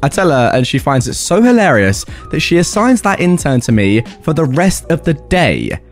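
A man's voice: on the high side, big pitch swings, moderate pace, soft background music. A British man hosting a storytime podcast, reading stories aloud with playful asides. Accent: British English. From United Kingdom. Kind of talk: storytime narration with commentary.

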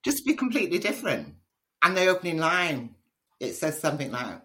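A woman's voice: low voice, brisk. Chatty woman telling stories. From Liverpool, England. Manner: chatty, storytelling, animated. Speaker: poet, interview guest. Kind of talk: conversational interview answers.

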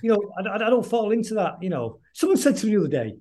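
A middle-aged man talks quickly and loosely as a guest on an interview podcast. His voice sits a little high for a man. He rambles, trips over his words and keeps restarting his sentences. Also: sing-song, dark tone. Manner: rambling, halting, many restarts. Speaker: guest musician. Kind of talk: casual interview chat.

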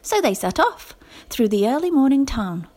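A woman teacher reading a children's story aloud, lively and expressive. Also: high-pitched, normal speed. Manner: lively expressive reading with whispered character lines.

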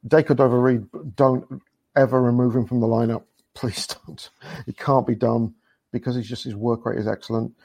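Gravelly, husky man chatting football. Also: mid-range voice, flat delivery, brisk, a little mellow, no echo. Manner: chatty, laughs often, restarts sentences. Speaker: football podcast guest. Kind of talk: casual chat.

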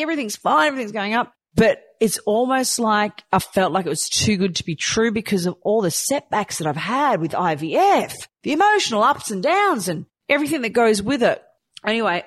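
A woman telling a personal story candidly and from the heart, rushing and restarting her sentences. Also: medium pitch, no room sound. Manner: heartfelt, rushed, with frequent restarts. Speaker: storyteller sharing a personal experience.

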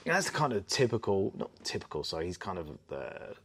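A man co-hosting a casual podcast chat, telling anecdotes in a lively way. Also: low-pitched, brisk, slight background noise. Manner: storytelling, animated with quoted voices. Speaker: podcast co-host.

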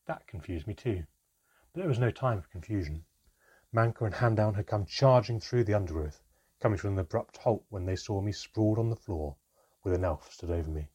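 A man reads a first-person fantasy storybook aloud in a measured, expressive way. His voice sits low with a husky texture. He narrates steadily and colors the tense moments.

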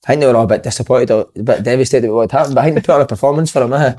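A Scottish man talks football on a podcast at a quick clip. His chat is loose and profane, and he slips into stories about games. His pitch sits in the middle range. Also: dark tone. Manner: swearing, storytelling banter. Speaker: podcast co-host. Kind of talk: casual chat.

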